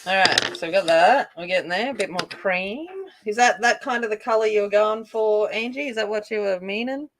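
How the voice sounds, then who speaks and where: A woman's voice: medium pitch, brisk. Chatty Australian woman coloring live. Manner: chatty, rambling, answers viewer comments. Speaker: coloring channel host. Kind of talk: casual live-stream chat while coloring.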